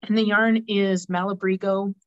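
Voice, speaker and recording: A woman chatting casually about her knitting, rambling with lots of fillers and clearing a frog in her throat. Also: mid-range voice, little pitch movement, normal speed, no room sound, lo-fi sound. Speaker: guest knitter. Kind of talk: casual knitting podcast chat.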